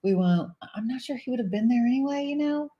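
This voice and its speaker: A woman's voice: fairly high pitch, lively intonation, fast, mellow, muffled recording. A middle-aged woman, co-hosting a cruise vlog live stream. She chats casually, laughs often and reads viewer comments aloud. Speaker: cruise vlogger co-host.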